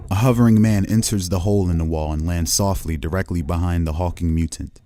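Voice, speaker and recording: A low-voiced man runs a tabletop game as game master, calling out shots and scenes like a film director. He narrates in a steady, descriptive manner. Faint music plays under his voice. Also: brisk, few pauses. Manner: cinematic, descriptive scene-setting.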